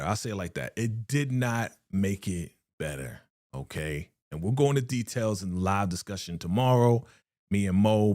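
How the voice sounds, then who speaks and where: A man chats on a live reaction stream, with slang, repeated phrases and frequent sighs. His pitch swings widely as he talks. The sound is close and dry, with no room echo. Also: dark tone. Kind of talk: casual live reaction chat.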